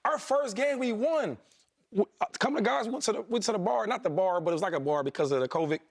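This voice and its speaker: A man who played professional football, telling animated stories as a sports panelist on a studio show. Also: sits high, quick pace. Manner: storytelling, animated, laughs easily.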